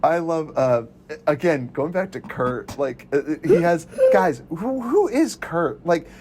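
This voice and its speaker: A man chatting casually about a movie, excitable, laughing often and acting out lines. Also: fairly high pitch, unhurried, very noisy.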